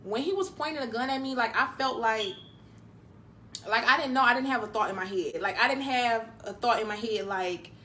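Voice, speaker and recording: Young woman rambling thru a storytime mukbang, lots of "like", kinda high voice. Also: brisk, pushed and bright, slight background noise. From Detroit, USA. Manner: chatty, loose, full of "like" fillers. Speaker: mukbang vlogger. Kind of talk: casual storytime chat while eating.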